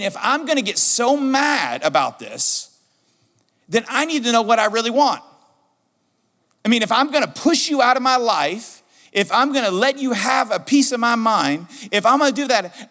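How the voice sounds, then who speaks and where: A middle-aged man preaching a sermon as pastor, animated and repeating his key questions for emphasis. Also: very high voice. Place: church sanctuary. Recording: reverberant church hall.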